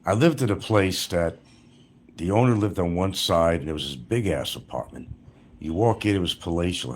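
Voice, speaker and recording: A man's voice: extremely low pitch, husky. A middle-aged man livestreaming, telling rambling, crude and profane stories about his past.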